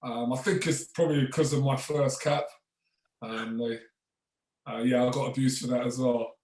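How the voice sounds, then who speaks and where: A man's voice: mid-range voice, moderate pace. A man, a former rugby player guesting on a podcast, telling casual anecdotes with frequent chuckles and acted-out quotes. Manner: relaxed, chuckles often, acts out others' lines. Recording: roomy, distant mic.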